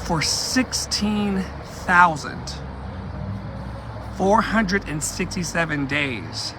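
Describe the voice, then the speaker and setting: Walking outside amid background noise, a male activist vlogger speaks in a high, animated voice, drawing out his words. His impassioned street vlog is emphatic and repetitive, punctuated by asides to viewers.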